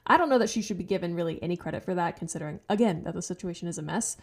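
A woman's voice: lowish voice, rapid-fire. A young adult woman co-hosting a podcast, giving blunt, emphatic opinions in casual chat. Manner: blunt, emphatic opinions with frequent agreeing interjections. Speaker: podcast co-host. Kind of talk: casual movie recap chat.

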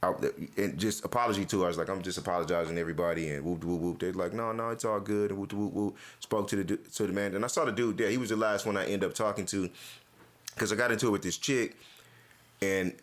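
A man with a lowish voice chats casually with a friend. He tells stories in loose slang and curses freely, jumping into the voices of the people in them. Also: fast. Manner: animated storyteller, acts out quotes, slangy and profane. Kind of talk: casual chat.

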